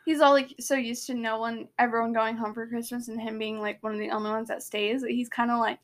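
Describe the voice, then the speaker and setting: A young woman with a high voice talks through a book in a casual, chatty way. She giggles often and leans on filler words as she recaps. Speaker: podcast co-host.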